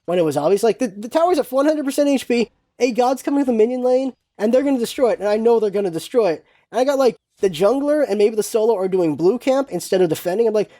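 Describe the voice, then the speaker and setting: A woman's voice: fairly high pitch, expressive, fast talker, dark tone. A woman talking casually in a solo gaming vlog, blunt and emphatic, repeating phrases to drive her points home. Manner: frank and blunt, with mild swearing. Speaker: gaming vlogger.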